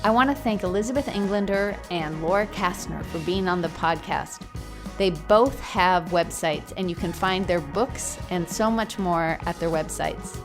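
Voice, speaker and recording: A woman's voice: lowish voice, normal speed, music in the background. A woman hosting a podcast as a physician, explaining in an earnest, informative way.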